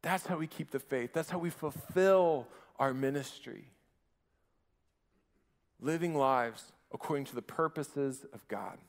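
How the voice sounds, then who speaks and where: A man in his thirties preaching a sermon in a relaxed, conversational way, often restarting his phrases and dropping in fillers. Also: medium pitch, unhurried, big-room sound. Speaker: pastor.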